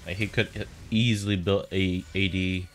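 A man streaming a video game live, talking to himself in exasperated, swearing commentary with sudden loud outbursts. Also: low-pitched, level tone, unhurried, soft background music.

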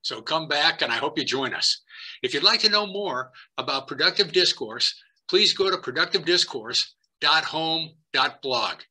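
A male interview host gives a measured, earnest scripted sign-off. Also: a little high, expressive, bright, forceful tone, husky.

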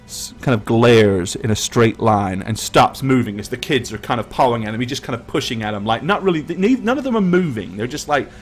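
A man's voice: medium pitch, animated, brisk, few pauses, faint music behind. A man narrating as game master of a tabletop game, with rambling, filler-heavy speech.

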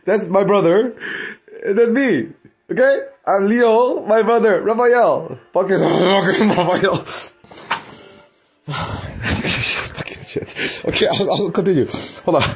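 A man rambling in a casual vlog, excitable and profane, laughing often. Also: high-pitched, takes it slowly, husky.

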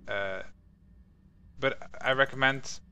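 A man's voice: medium pitch, takes it slowly, creaky, sharp tone, clean tone, rough recording. A young man co-hosting a casual chat about a video game, musing and offhand, often trailing off mid-thought. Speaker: co-host.

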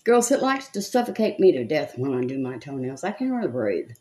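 A woman in her seventies, a makeup vlogger, chats with viewers while doing her makeup on camera, muttering to herself as she goes. Her voice is low and dark, with big pitch swings and a fairly quick pace.

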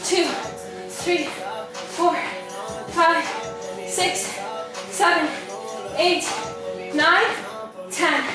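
A woman's voice: extremely high pitch, steady tone, drawn-out words, pauses often. A young woman leading a follow-along workout, counting reps out of breath and swearing as she strains. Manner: counting reps aloud, swearing and groaning with effort. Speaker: fitness vlogger. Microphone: camera at a distance. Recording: echoey room, camera far off, music behind.

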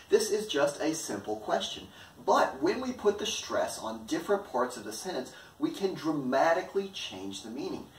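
A man giving an explanatory lesson as an online instructor, lively and playing with stress and pitch in his examples. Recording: echoey room, mic at a distance.

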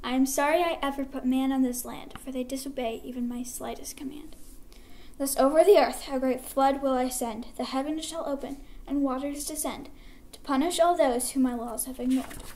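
A woman with a high voice gives us God in a storybook telling, stern and commanding. He measures out each rhyming decree with weight. The voice stays close to a plain reading voice. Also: fairly even intonation, moderate pace, a little mellow, a little hiss or hum, close to an everyday voice. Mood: solemn.

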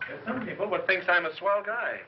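A man's voice: high-pitched, a little fast, dull audio, heavy background noise, natural voice. An actor playing a cocky, dry-witted man in 1930s film style, on an old soundtrack. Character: cocky wisecracking man, sweet on heroine.

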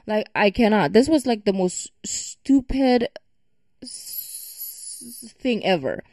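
A woman's voice: medium pitch, lively intonation, slow, warm tone, no room sound, clean studio sound. A woman giving casual reaction commentary, ranting in an emphatic, exasperated way. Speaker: reaction video creator.

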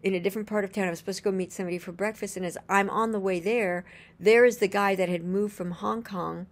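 A woman recounts a personal story with an earnest, gushing warmth in her words, linking one event to the next with "and then." Her voice sits at an ordinary middle pitch with a noticeable gravelly fry running through it. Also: steady tone, fast. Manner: rambling, chains events with "and then". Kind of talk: casual spoken storytelling.

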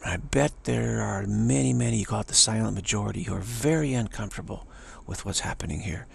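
A man with a gravelly, husky voice giving a rambling spiritual monologue, often restarting phrases and mocking the voices of others. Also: lowish voice, brisk.

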